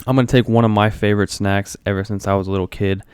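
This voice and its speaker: A man co-hosting a podcast in casual chat, playful and expressive, swearing casually. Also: on the low side, fast, clear, resonant tone, dry recording, studio quality. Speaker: podcast co-host.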